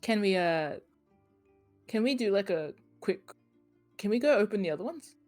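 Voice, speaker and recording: A woman's voice: mid-range voice, expressive, normal speed, a little mellow, soft background music. A woman playing in a tabletop game, chatting casually and laughing easily. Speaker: player.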